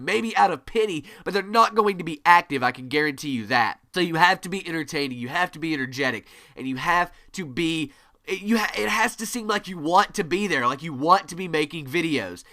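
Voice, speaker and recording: A man giving a gaming tutorial to camera, energetic and always varying his pitch, on a USB desk mic. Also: fairly quick. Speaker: gaming YouTuber. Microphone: USB desk microphone.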